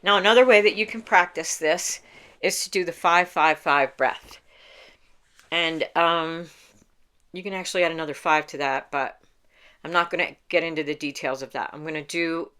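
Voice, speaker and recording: A woman meditation coach with a low, smooth voice gives a calm, unhurried lesson to camera. She explains each step plainly and laughs lightly now and then.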